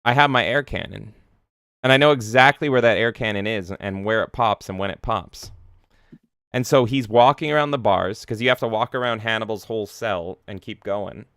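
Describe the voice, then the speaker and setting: Animated swearing male storyteller host. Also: lowish voice, moderate pace, clear, resonant tone, no echo, clean studio sound. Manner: animated, swears a lot, acts out voices. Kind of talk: casual chat, storytelling.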